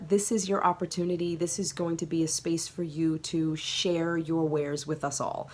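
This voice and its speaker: A woman's voice: on the low side, a little mellow. A woman hosting a knitting video podcast, chatting casually and gushing to viewers with plenty of ums. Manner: chatty, gushing, many fillers. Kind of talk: casual chat to camera.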